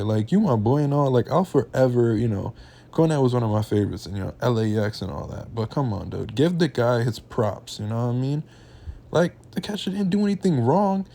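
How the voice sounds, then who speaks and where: A young man gives a heated reaction rant, dropping slang as he goes. His voice sits in a mellow, warm register at an ordinary pitch for a man. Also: lively intonation, brisk, gravelly. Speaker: reaction channel host. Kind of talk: casual reaction commentary.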